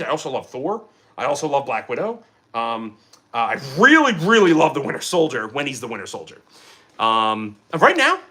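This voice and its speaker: A young man hosting a casual livestream, reading viewer comments and chatting in an energetic, rambling way. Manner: energetic, rambling, quick pitch jumps and bursts of laughter. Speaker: livestream host.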